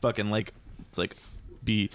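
A man's voice: medium pitch, lively intonation, fast, fairly bright tone. Profane ranting man in casual chat. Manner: profane, ranting, acts out quotes in funny voices.

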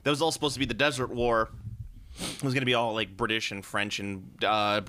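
A man co-hosting a podcast, chatting loosely with a friend. His voice is bright and pressed, and he jokes, swears and trails off mid-sentence before starting over. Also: mid-range voice, a little fast, smooth. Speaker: podcast co-host. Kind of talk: casual chat.

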